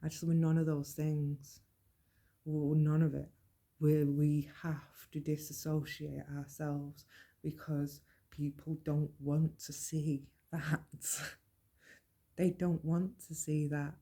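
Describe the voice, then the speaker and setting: A woman talks through her own experience in an earnest, plain-spoken monologue. Her voice is very dark and mellow, with a steady gravelly fry under it. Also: sits low, slow pace. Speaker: podcast host. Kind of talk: personal monologue on mental health.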